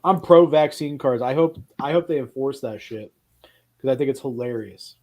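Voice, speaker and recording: A man hosting a casual film podcast, talking in an animated way with quick asides and a lot of swearing. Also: mid-range voice. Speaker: podcast host.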